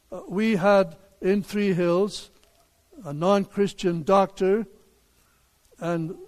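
An older male pastor preaches slowly and deliberately, his voice sitting high for a man. He leans on rhetorical questions, and each phrase rings out in a large church hall with a long reverb. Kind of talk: sermon.

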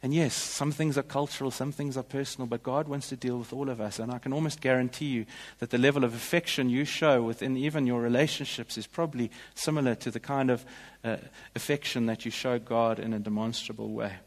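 A man's voice: mid-range voice, steady tone, a little fast, hardly any pauses, in a large hall. A male pastor delivering a sermon in a church, in an earnest, emphatic way.

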